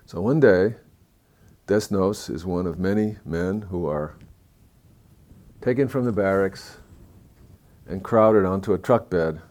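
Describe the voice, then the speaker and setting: Guy with a lowish voice telling a story, goes hushed and somber then gets all lively. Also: slow pace, pauses often. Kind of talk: spoken storytelling talk.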